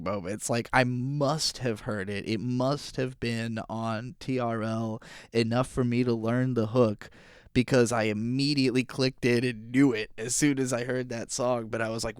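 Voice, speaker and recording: A man's voice: medium pitch, moderate pace, smooth, dry recording, studio quality. A young man from Virginia talking through his favorite albums in a rambling, emotional way, full of fillers. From Virginia, USA. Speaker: music reviewer. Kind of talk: casual album review monologue.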